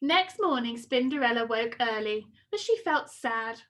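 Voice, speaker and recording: A woman reading a children's story aloud with expressive, sing-song storytelling. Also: a little high, a little slow.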